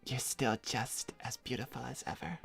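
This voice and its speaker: A woman's voice: extremely low pitch, normal speed, gravelly, a bit bright, husky, dry recording, faint music behind, heavily acted. A woman voicing a laid-back, spacey male teen hedgehog with a drawling delivery in a live role-play stream. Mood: dreamy. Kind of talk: improvised livestream role-play.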